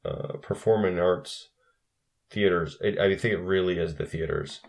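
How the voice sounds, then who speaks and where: A man's voice: deep voice, measured pace, vocal fry. A young man co-hosting a casual film chat, rambling with restarts and cursing freely. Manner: rambling, profane, with frequent restarts. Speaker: podcast co-host.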